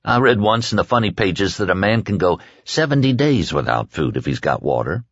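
A man voicing an injured man from East Texas, calm and firm in a plain-spoken drawl. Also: lowish voice, fairly quick, husky, no room sound, heavily acted. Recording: dull lo-fi dry recording.

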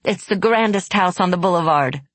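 A woman reading the lines of a wry, bold young woman soldier in an audiobook, in a husky voice only a little higher than her narration. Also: normal speed, no room sound, close to an everyday voice. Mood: breezy.

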